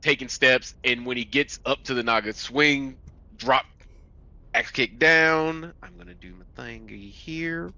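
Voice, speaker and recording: A man's voice: medium pitch, a little slow, creaky, pushed and bright, muffled recording. A man playing a tabletop game, animatedly describing his character's moves. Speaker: player.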